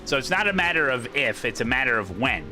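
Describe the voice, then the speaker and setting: A man chatting casually on a racing livestream, his voice bright and lively, rising and falling a lot. He rambles, restarts and repeats his points. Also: mid-range voice, fast talker, soft background music. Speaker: sim racing streamer host.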